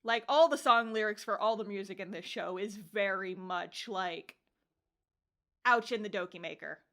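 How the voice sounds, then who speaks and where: Bright-voiced young woman recapping anime. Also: medium pitch, normal speed. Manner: animated storytelling, acts out character lines, swears and laughs. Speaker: podcast co-host reviewing anime. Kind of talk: casual chat, recapping episodes.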